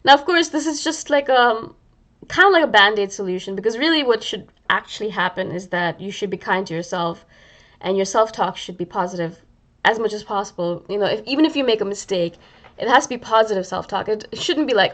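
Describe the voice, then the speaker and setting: A woman's voice: medium pitch, fairly quick, a bit bright. A woman vlogger talking casually and reflectively to her viewers, often saying "you know" and acting out her own inner voice. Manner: conversational, many "you know" fillers, acts out inner dialogue. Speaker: spiritual vlogger.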